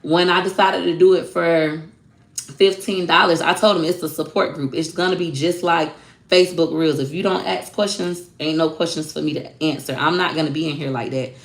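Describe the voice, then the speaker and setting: A woman's voice: deep voice, steady tone, normal speed. A woman who teaches online social media classes, speaking bluntly and animatedly in a casual livestream talk. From Florida.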